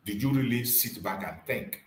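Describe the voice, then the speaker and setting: A man delivering an impassioned political monologue, hammering rhetorical questions and repeating them, rising to loud emphasis then dropping low. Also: normal speed, roomy sound, slight background noise, poor audio. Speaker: channel host and activist commentator.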